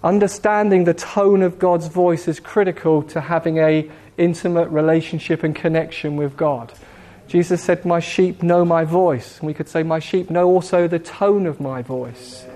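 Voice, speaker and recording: A man preaching a sermon in a slow, measured way with dramatic pauses, gently voicing God's questions. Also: on the high side, steady tone. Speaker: pastor.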